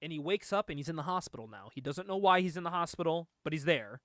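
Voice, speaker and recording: A man with a fairly high voice talks through a comic book story in a casual, rambling way. He laughs and swears freely as he goes. The sound is dry and close, with no room around it. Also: animated, fast talker, a bit bright, no room sound. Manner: loose, chatty retelling with frequent laughs and swearing. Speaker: podcast host.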